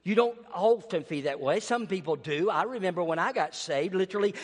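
A man preaching a sermon, telling a story and swinging from hushed tones to loud bursts. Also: high voice, expressive, fairly quick, few pauses. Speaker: pastor. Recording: long hall reverb.

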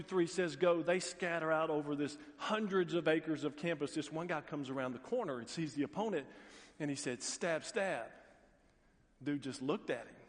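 Folksy pastor preaching in a reverberant hall. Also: male voice, on the high side. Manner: storytelling, animated quoted voices, folksy asides. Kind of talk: sermon. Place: church sanctuary. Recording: long reverb of a large hall.

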